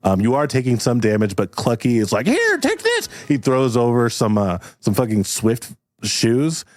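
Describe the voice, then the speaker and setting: A man's voice: mid-range voice, normal speed, darkish tone, no echo. A man narrating an improvised tabletop game as game master, in a rambling, filler-heavy, amused way.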